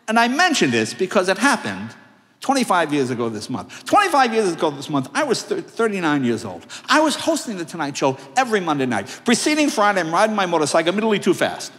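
Sixties guy doing standup stories on a big stage, bouncy pitch, echoey hall. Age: 60s. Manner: animated, jokey storytelling. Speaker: comedian accepting an award. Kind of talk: stand-up storytelling. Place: large theater stage. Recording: long reverb of a large theater.

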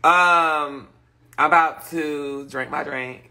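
Venting in a frustrated rant, this livestream host talks to viewers in a crude, gossipy, brash way, his fairly high voice gravelly, bright and strained at a moderate pace. The audio comes through a phone or webcam mic.

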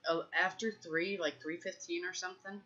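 A woman's voice: fairly low pitch, moderate pace. A woman, chatting casually at home while her child plays a game. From Ohio, USA. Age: 40s. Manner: chatty, relaxed storytelling. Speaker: parent and channel host. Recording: dull lo-fi home recording.

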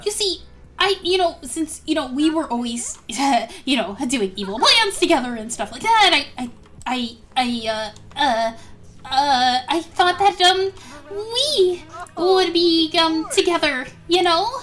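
Lady playing nervous jealous fairy girl, stumbles over every word, high pitched. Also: steady tone, drawn-out words, sharp tone, exaggerated voice. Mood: flustered. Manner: stammering, flustered. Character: jealous young female fairy, flustered, stammering.

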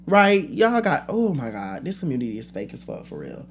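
A woman's voice: sits low, sing-song, a little fast, slight background noise. A young adult woman hosting her own podcast in a casual solo rant, blunt and profane, trailing off and restarting her thoughts. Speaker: podcast host.

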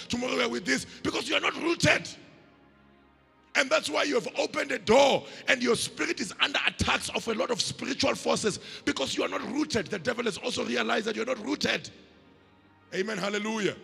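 A South African pastor delivers a brisk sermon in a high, gravelly, raspy voice with a sharp, forceful edge. He preaches emphatically and rhythmically, trading call-and-response with his congregation. Long church-hall reverb surrounds him, with faint music underneath.

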